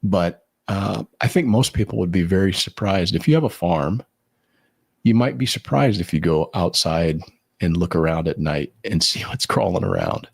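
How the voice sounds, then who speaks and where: A man with a low, gravelly voice and a husky edge. He talks through casual stories in a loose, rambling way, full of fillers and restarts. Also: animated, normal speed. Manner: rambling storyteller with many fillers. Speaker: podcast co-host. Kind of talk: casual chat.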